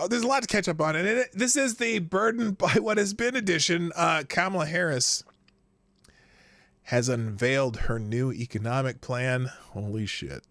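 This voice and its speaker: A man's voice: medium pitch, fairly bright tone, no room sound. A man hosting a casual live show, rambling and chuckling, with lots of fillers and restarts. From upper Midwest of the United States. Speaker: host.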